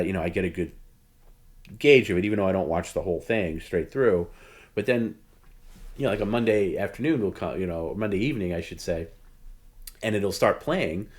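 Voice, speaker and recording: A man hosting a relaxed late-night stream, talking in a somewhat low voice. He rambles freely, filling his sentences with "like" and "you know", and chuckles between thoughts. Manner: rambling, heavy use of like and you know, laughs often. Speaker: host. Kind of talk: casual chat on a livestream.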